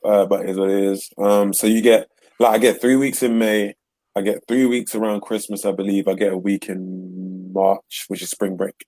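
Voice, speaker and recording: A man's voice: lowish voice, flat delivery, normal speed, darkish tone, no room sound, soft background music. A young man from Britain, a college football player, chatting laid-back and joking as a guest on a video call. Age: young adult. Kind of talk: casual video-call interview.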